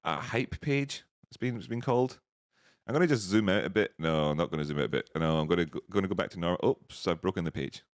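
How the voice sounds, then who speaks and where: A man's voice: low-pitched, fast, no room sound, clean studio sound. A man hosting a live stream, chatting casually, laughing often and reading out viewers' messages. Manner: chatty, laughs often, reads chat aloud.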